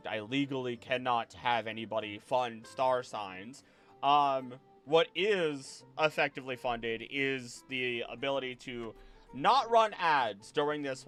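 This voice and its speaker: A man's voice: medium pitch, fairly bright tone, clean tone. Rambling man running a tabletop game. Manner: rambling, self-correcting, laughs often. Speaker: game master. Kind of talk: casual chat with a live stream audience.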